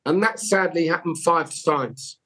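A man's voice: on the high side, unhurried, bright, forceful tone, husky, low-quality recording. A man guest telling personal anecdotes in a rambling, candid, heartfelt way. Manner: rambling anecdotal, with emotional candour. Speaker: interview guest. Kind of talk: conversational storytelling.

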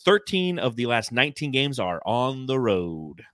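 A man co-hosting a casual sports podcast, animated and quick to swear, acting out little scenes as he talks. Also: mid-range voice, no room sound, studio quality. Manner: animated, swears freely, acts out quotes. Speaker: podcast co-host.

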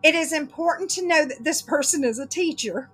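A woman hosting a casual chat, telling an animated story and laughing through it. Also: high voice, brisk, faint music behind.

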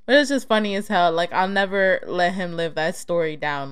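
A young woman from the Chicago area hosts her own podcast, her voice on the low side and clean, at normal speed. She chats candidly and casually, swearing freely and laughing easily.

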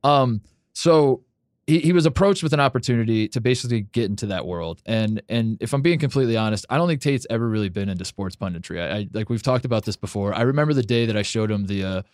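Low-voiced rambling podcast host, a man. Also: expressive, quick pace, darkish tone, no room sound, clean studio sound. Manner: rambling, many restarts, swears casually. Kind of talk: casual podcast chat.

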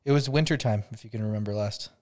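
A podcast host with a lowish, slightly mellow voice talks fast in casual chat, joking, teasing his guests, and laughing often. He's recorded on a podcast mic.

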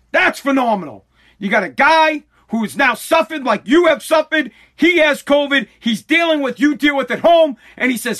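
Very high-voiced, excitable man in his forties. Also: measured pace. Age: 40s. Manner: excitable, profane, rambling. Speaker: podcast host. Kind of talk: solo podcast rant.

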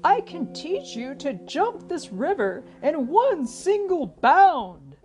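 A kind, nimble old man, put on by a woman reading a storybook calls out eagerly in a lively, rising voice. Clear music plays underneath. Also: high voice, slow, voice pushed up, exaggerated voice.

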